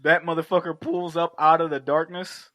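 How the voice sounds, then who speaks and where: Brief: bright, animated man, profane recap chat, dry close sound, voices for the scenes. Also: on the high side, moderate pace, dry recording. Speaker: podcast co-host. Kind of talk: casual film recap chat.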